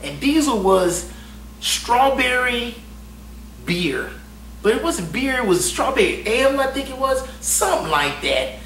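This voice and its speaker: A man tells a story with a lively, swooping voice, cursing freely and laughing often. He sits back from the mic in an echoey room, with a faint hum underneath. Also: very high-pitched, a little slow. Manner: animated, profane, laughs often. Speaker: navy veteran storyteller. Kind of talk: casual storytelling. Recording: roomy echo, distant mic, faint hum.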